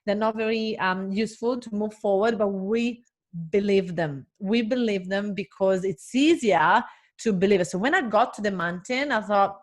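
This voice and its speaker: A woman speaks as a business coach in a relaxed live session, chatty and loose, often breaking into a laugh. Her pitch sits in a middle range, neither high nor low, and she leans on fillers as she tells her story. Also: moderate pace. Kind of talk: casual live talk to viewers.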